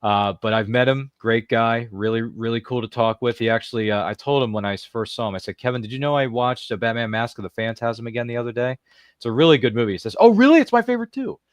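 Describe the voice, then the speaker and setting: A man's voice: medium pitch, fairly even intonation, quick pace, smooth, no echo, clean studio sound. A man hosting a podcast interview, chatty and jokey, with many fillers and asides. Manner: chatty, jokey, self-deprecating, filler-heavy. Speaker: podcast host. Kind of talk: casual interview chat.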